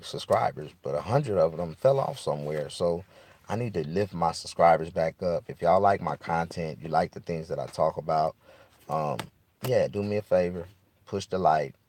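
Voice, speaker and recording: A man's voice: deep voice, creaky, a little mellow, breathy edge. A man, a barber and comedian, ranting freestyle in his car in a rambling, profane, boastful way. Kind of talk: improvised casual rant.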